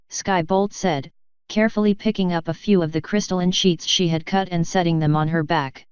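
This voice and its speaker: A woman reading fanfiction aloud in steady audiobook narration; dull lo-fi recording. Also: fairly low pitch, moderate pace, clean tone, no room sound. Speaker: fanfiction reader.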